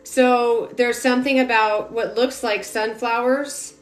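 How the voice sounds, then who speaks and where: A woman's voice: a little high, steady tone, a little slow. A young adult woman giving a psychic reading on a live stream, rambling with lots of filler words. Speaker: psychic medium. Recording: roomy echo, faint music behind.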